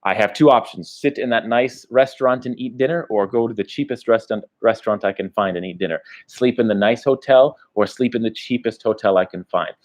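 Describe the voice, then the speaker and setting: A man's voice: mid-range voice, fairly quick, hardly any pauses, darkish tone. An American man, a travel vlogger, chatting casually on a livestream as he reads viewer comments, rambling and laughing between thoughts. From United States.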